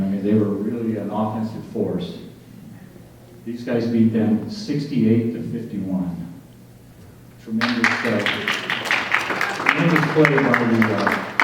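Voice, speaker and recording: A man's voice: on the low side, noisy background. A man emceeing a luncheon panel, chatty and anecdotal, often repeating himself. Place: large banquet hall. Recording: dull, echoey hall from far off.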